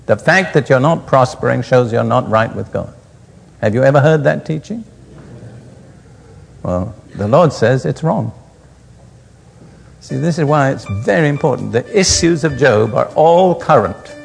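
A man's voice: medium pitch, animated, a little slow, gravelly, pauses often, slightly rough, faint music behind. A man preaching a sermon, reading scripture aloud and then explaining it in plain words, recorded in a reverberant hall.

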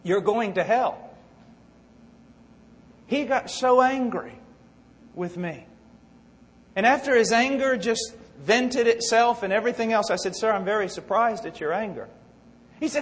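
A man preaching a sermon with impassioned swings between hushed and loud delivery. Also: extremely high pitch, measured pace, pauses often. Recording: long hall reverb.

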